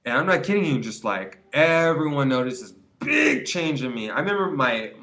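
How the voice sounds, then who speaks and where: A young man talks straight to the camera in a loose, rambling monologue. He restarts sentences, repeats himself and slips into other people's voices as he tells the story. His pitch sits in the middle for a man. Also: big pitch swings, moderate pace, a bit bright. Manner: rambling, repeats words, acts out quoted voices. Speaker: vlogger giving quit-weed advice.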